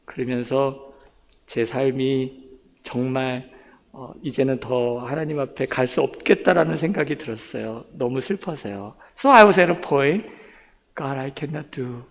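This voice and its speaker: A man's voice: mid-range voice, rapid-fire, creaky. A middle-aged man with a pastor's role, telling his own story in a sermon that switches between English and Korean, laughing now and then as he tells it. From grew up in Brooklyn, New York. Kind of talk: bilingual sermon testimony. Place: church sanctuary. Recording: long church reverb.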